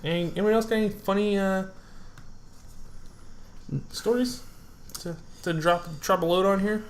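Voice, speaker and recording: Podcast co-host, male, slightly high voice, crude jokester. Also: normal speed, a little hiss or hum. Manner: crude, joking, animated. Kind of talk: casual chat.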